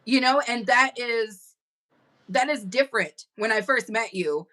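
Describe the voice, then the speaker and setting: Woman streamer, kinda high bright voice, blunt and hyped, cusses a lot. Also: measured pace. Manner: emphatic, blunt and hyped, swears freely. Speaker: livestream host. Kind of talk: casual chat. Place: home livestream setup.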